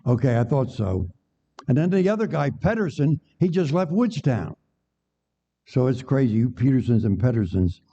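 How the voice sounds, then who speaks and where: A man's voice: medium pitch, very animated, normal speed, warm tone, breathy edge. An older man, a guest preacher giving a chatty, joking sermon and bantering with the congregation in a church sanctuary. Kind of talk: folksy sermon with jokes. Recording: dull echoey church recording.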